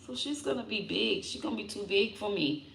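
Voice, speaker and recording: A woman vlogging casually to her viewers, animated and breaking into high baby talk with her dog. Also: a little fast, vocal fry, echoey room. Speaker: comedian vlogger talking about her puppy.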